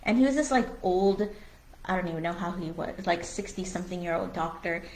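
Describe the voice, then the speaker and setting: A woman's voice: on the low side, a little fast, a little mellow, a little hiss or hum. A woman co-hosting a casual spiritual conversation, speaking candidly and earnestly with lots of "you know" and "like" fillers and a blunt, sometimes profane streak. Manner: blunt, with occasional swearing. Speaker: co-host of a spiritual conversation show. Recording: echoey room.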